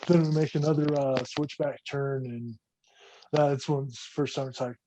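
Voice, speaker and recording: A man, an army veteran guest on a podcast, telling war stories in a casual, profane, animated way. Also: medium pitch, moderate pace, dull audio, a little hiss or hum. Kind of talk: casual storytelling.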